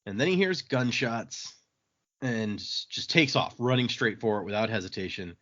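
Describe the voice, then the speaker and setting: A man's voice: lowish voice, big pitch swings, moderate pace, fairly bright tone, highs cut off. A man hosting a podcast, casually recapping a novel's chapters with fillers and a loose, chatty manner. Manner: rambling, with fillers and laughs, acting out quotes. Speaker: podcast host.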